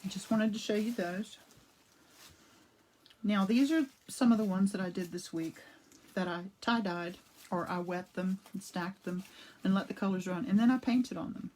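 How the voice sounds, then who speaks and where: A woman hosts a casual craft demo livestream from her home art studio, chatting and greeting viewers by name as she works, all while talking around a cough drop. Her medium-pitched voice is a little mellow and moves at a normal speed, but the audio is poor. She rambles, restarting often and drifting into asides.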